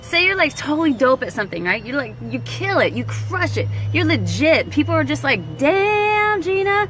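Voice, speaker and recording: A woman talking casually to viewers on a live stream, animated and slangy, acting out what people said and laughing often. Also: sits high, brisk, soft background music, low-quality recording. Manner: animated, slangy, laughs a lot, acts out quotes. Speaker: online business vlogger.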